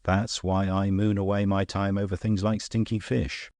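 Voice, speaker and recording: At a normal pace, a man performs a deep-voiced gentleman detective of worldly manner, wry as he explains himself with calm, dry knowingness. The recording sounds close and dead, with no echo or surrounding room.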